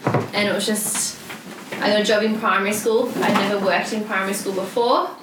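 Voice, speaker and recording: A woman's voice: mid-range voice, steady tone, fairly quick. Giggly young woman in an echoey room. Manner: giggly, chatty. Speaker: guest, PE teacher. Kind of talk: casual group chat. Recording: echoey room with background noise.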